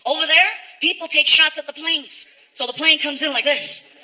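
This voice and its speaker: A man tells stand-up stories on stage with animated, high-energy delivery and jumps into character voices. His voice sits high and rings very bright. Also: normal speed, low-quality recording. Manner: animated storytelling, many acted voices. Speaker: stand-up comedian. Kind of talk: live stand-up comedy. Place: stage in El Paso.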